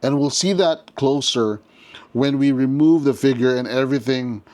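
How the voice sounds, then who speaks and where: A man's voice: mid-range voice, normal speed, a little mellow. A man giving casual unboxing commentary as a toy reviewer, chatty and enthusiastic, often restarting his sentences.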